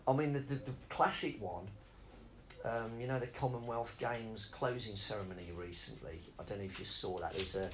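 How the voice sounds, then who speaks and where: A man's voice: lowish voice, normal speed, background noise. A middle-aged man rambling off on tangents in a casual interview, swearing freely as he talks about spoken word.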